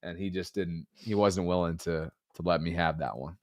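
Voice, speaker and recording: A man's voice: low voice, steady tone, normal speed, darkish tone, no echo, studio quality. Congested man on a podcast. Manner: rambling, earnest, reflective. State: congested, under the weather. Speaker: podcast co-host. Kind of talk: casual chat.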